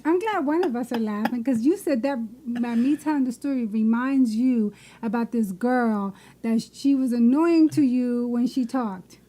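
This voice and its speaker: A woman with a high voice banters on a casual podcast. She is blunt and teasing, with a loose profane edge. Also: moderate pace, few pauses, warm tone, low-quality recording. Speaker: podcast co-host.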